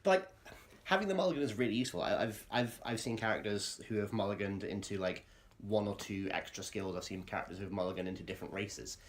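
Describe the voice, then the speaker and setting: A British man as a podcast guest, polite and quick, tripping over restarts. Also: on the low side, slight background noise. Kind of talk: casual podcast chat.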